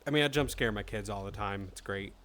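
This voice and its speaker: A man's voice: fairly low pitch, fast, a bit bright, slight background noise. A man in his thirties chatting casually on a live stream, swearing freely and answering chat.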